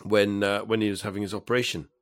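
A man co-hosting a podcast in casual chat, relaxed and playful, with many hesitant ums. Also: on the low side, quick pace, dry recording, clean studio sound. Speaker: podcast co-host.

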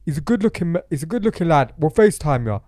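A woman mimicking a drunk, pushy young man calling late at night, fast and insistent. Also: sits low, big pitch swings, warm tone, no echo, studio quality, pitched above the performer's own voice. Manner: fast, insistent, repeats "yeah?".

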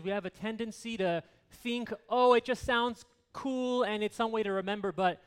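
A man's voice: sits high, clean tone. A man in his thirties preaching a sermon in an earnest, conversational way, repeating key words for emphasis. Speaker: pastor.

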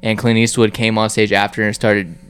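A man's voice: fairly low pitch, little pitch movement, brisk, a bit bright, clean tone. A man co-hosting a casual podcast, rambling with fillers and crude remarks. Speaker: podcast co-host.

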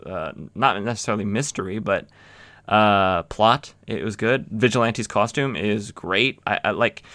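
A man with a bright, forceful voice recaps a comic issue in an easy, rambling way, full of fillers and restarts. His pitch sits a bit low, and the sound is dry and close. Now and then he slips into quick acted-out lines. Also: dry recording. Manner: rambling, many fillers and restarts, acts out quotes. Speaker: comic book podcast host.

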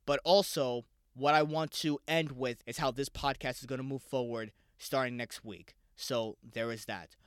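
A man's voice: mid-range voice, fairly even intonation, normal speed, few pauses, clean tone, dry recording, studio quality. A man hosting a casual solo podcast, rambling loosely and swearing freely. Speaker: podcast host.

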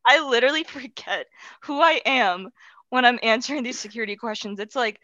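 A woman's voice: on the high side, normal speed, bright, forceful tone, no room sound. A woman guest on a podcast, chatting playfully and giggling as she talks. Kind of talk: casual chat. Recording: dry, dull lo-fi sound.

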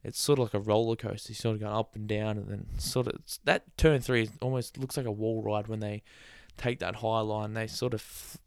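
A man with a lowish, smooth, clear voice talks through a casual solo podcast. He rambles along in a chatty way, tossing in sarcastic asides and laughing at his own jokes. The sound is dry and close, with no room echo. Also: steady tone, a little fast, few pauses, a little mellow. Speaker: podcast host.

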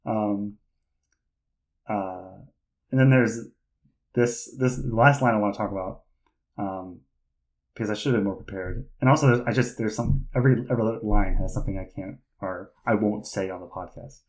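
A man hosting a podcast in casual chat, rambling and hesitant with lots of fillers and restarts, laughing often and getting excited. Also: lowish voice, normal speed, rough recording. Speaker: podcast host.

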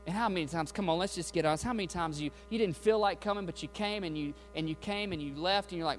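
A man's voice: sits high, moderate pace. A man preaching as a pastor, with emphatic delivery and questions thrown to the congregation. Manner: emphatic preaching with call-and-response asides. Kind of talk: sermon. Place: church sanctuary. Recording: faint music and mains hum behind.

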